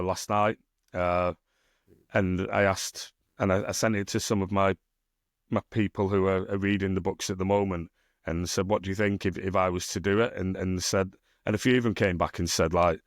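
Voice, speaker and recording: A self-published author co-hosting a podcast, he talks a little fast in a low, steady voice with a Northern English accent. His casual chat rambles along with free swearing and teasing of his co-host, in a studio recording without room sound.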